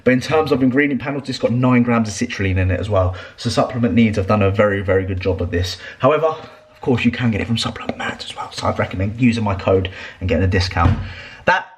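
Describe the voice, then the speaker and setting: A young man chatting casually as a fitness vlogger, swearing freely and ranting loudly. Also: lowish voice, fast, a little hiss or hum. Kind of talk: casual vlog chat. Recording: echoey room.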